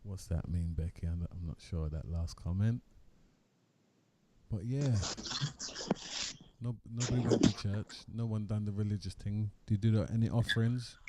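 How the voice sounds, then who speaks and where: A man's voice: lowish voice, normal speed, long pauses, background noise. A man, bantering and teasing on a live stream chat. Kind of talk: casual chat.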